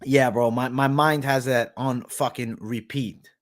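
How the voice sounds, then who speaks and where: A man's voice: medium pitch, steady tone, measured pace. A man hosting a live stream, chatting casually in a brash, profane way, peppering his talk with "bro" as he answers viewer questions. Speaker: host of a live betting show.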